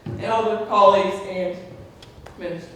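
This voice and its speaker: A woman's voice: medium pitch, steady tone, moderate pace, sharp tone, a little hiss or hum. A woman speaking at a memorial tribute, telling personal stories to a gathering, acting out the voices she quotes and laughing often. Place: large hall at a community gathering. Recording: echoey hall from far off.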